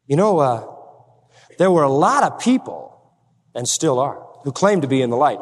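Male preacher, high and lively voice, emphatic sermon delivery, long hall reverb. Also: normal speed. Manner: emphatic, with rhetorical questions to the congregation.

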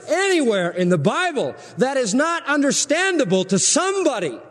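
Male preacher, high voice, emphatic sermon, long reverb from a big hall. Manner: emphatic, asks rhetorical questions.

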